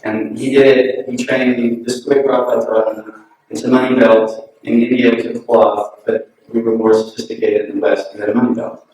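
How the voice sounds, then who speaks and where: A man giving an anecdotal remembrance at a memorial gathering, telling relaxed stories and chuckling often. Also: medium pitch, fairly quick. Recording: very echoey hall, distant mic, noisy.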